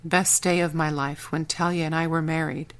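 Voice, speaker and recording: A burly former spy with a thick Swedish accent, earnest and a little halting, as a woman narrator puts him on. He speaks in a formal, measured way and sits lower than her usual voice in this audiobook reading. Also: little pitch movement, fairly bright tone. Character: burly ex-spy Swedish man, devoted husband.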